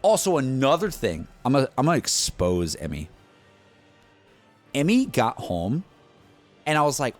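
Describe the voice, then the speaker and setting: Young adult male streamer, animated, lively pitch swings, faint music under. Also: normal speed, pauses often. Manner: animated, excitable, restarts and "like" a lot. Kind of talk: casual stream chat to viewers.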